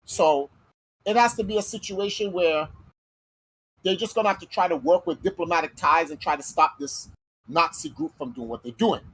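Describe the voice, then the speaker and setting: Husky, animated American podcast host. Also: male voice, high-pitched, moderate pace, rough recording. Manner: animated, slangy, acts out quoted voices. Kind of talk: casual podcast monologue.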